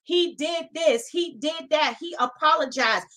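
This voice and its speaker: A woman's voice: high voice, a little slow. A woman co-hosting a casual podcast, talking emphatically and with exasperation about a reality show. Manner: animated, emphatic, exasperated commentary. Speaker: podcast co-host.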